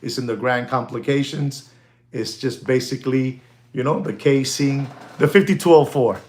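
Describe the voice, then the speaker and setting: Guy, hyping watches on a live stream, super animated, keeps dropping words. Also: mid-range voice, normal speed. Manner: animated, mixes Spanish exclamations into English, thanks viewers by name.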